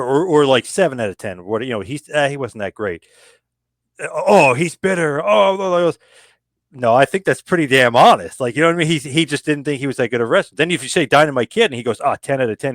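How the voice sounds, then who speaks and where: A man talking casually as a podcast guest about his book, animated and full of restarts and acted-out quotes. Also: medium pitch, quick pace, no room sound, clean studio sound.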